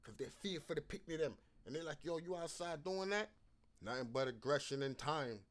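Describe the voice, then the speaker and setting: A man's voice: fairly high pitch, lively intonation, normal speed. Scolding, mocking man commentator. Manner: scolding, mocking street talk. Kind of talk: mocking commentary over a played call.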